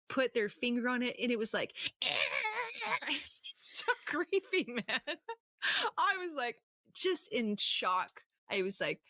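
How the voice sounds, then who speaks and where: A woman telling a personal testimony in a lively storytelling way, acting out what people said with sudden jumps up in pitch. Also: no echo, clean studio sound. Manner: animated, acts out quotes with sudden high pitch jumps. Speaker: testimony speaker.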